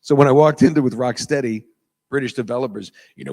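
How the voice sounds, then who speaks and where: An American man, a voice actor guest at a convention panel, telling lively stories and slipping into voices in an auditorium. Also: medium pitch, fast, vocal fry. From United States. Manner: animated storyteller, slips into voices and impressions.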